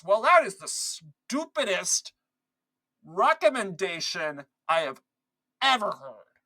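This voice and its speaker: A woman's voice: medium pitch, expressive, slow pace, sharp tone, rough recording. A woman giving opinionated political commentary, emphatic and sarcastic, repeating her points for emphasis.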